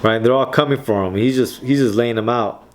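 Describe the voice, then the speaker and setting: A man's voice: mid-range voice, a little fast. A man hosting a comic book reading, talking casually with slang and swearing, often checking in with "right?". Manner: loose slangy talk, swears, keeps asking "right?". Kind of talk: casual commentary on comic panels.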